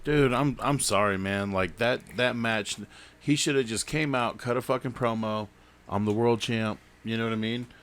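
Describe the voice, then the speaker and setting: A man's voice: medium pitch, moderate pace, fairly bright tone, clean tone. A man co-hosting a casual wrestling podcast, blunt and swearing freely. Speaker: podcast co-host. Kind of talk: casual chat.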